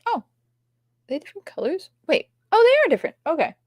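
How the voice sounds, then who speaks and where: A woman co-hosting a casual livestream chat, playful, sometimes dropping into soft whispers as she shows off her toys. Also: extremely high pitch, very animated, fast talker, no room sound, studio quality. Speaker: co-host.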